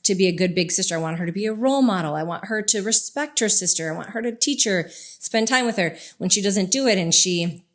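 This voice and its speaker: A woman's voice: mid-range voice, animated, fast, few pauses. A woman co-hosting a podcast, speaking candidly and personally in casual conversation. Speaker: podcast co-host.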